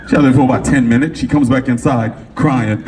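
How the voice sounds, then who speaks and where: A distant mic catches faint room noise as a middle-aged motivational speaker from California addresses a live audience at an event venue. With a medium-pitched voice, he tells a personal story in an animated, slangy way, imitating the people involved.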